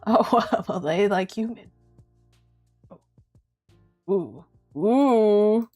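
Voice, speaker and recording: Speaking extremely slowly with long pauses, a young Canadian woman chats and giggles during her art live stream. Her pitch rises and falls in lively swings over faint background music.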